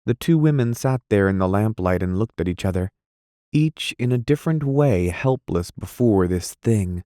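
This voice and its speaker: A man narrating a classic novel as an audiobook reader, even and unhurried. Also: fairly low pitch, dry recording, clean studio sound. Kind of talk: scripted narration.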